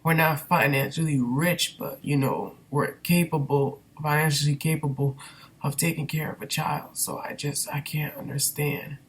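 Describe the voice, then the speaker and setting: A woman's voice: sits low, steady tone, moderate pace, husky. A woman candidly venting in a personal vlog, rambling and emotional with many fillers, recorded on a built-in computer microphone. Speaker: vlogger.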